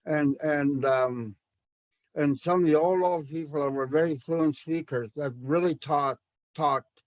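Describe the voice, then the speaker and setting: A man's voice: on the high side, fairly even intonation, a little slow, dry recording. A man teaching a language class to educators, speaking thoughtfully with many fillers and restarts. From Canada.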